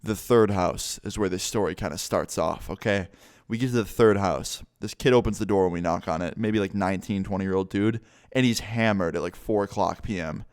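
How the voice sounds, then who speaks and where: A young man recounting a wild story for his vlog in loose, filler-heavy talk with plenty of swearing. His voice is on the low side and clean and smooth. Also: a little fast. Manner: casual, swearing, rambling with "like" fillers. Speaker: vlogger.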